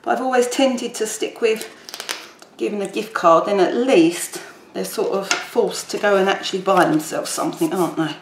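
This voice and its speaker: A woman's voice: mid-range voice, moderate pace. Chatty woman doing a craft demo. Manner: chatty, rambling, talks while working. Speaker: papercraft tutor. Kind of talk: casual crafting tutorial. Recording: echoey room with faint background noise.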